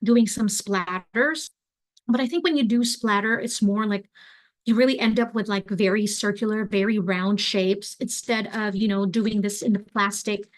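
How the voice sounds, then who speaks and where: Young woman teaching a craft class online, chatty and relaxed, says like and um a lot. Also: mid-range voice, moderate pace. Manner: relaxed, chatty, many fillers like "like" and "um". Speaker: craft instructor.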